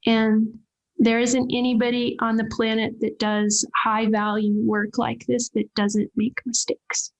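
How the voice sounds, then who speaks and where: Woman vet guest talking candid, emotional, keeps restarting, highish voice. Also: level tone, measured pace, low-quality recording. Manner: earnest, emotional, frequent restarts. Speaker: veterinarian guest. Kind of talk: candid interview storytelling.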